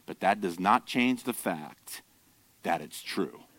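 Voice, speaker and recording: A man preaching a sermon as pastor, explaining scripture verse by verse in an emphatic, animated way. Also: deep voice, slow, no echo.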